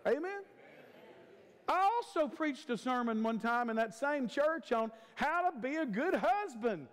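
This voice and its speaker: A man in his fifties preaching with an emphatic, repetitive cadence. His voice is very high and swoops widely as he draws the words out slowly. Long reverb from a large church sanctuary hangs behind every phrase. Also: animated. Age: 50s. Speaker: guest preacher. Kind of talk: sermon.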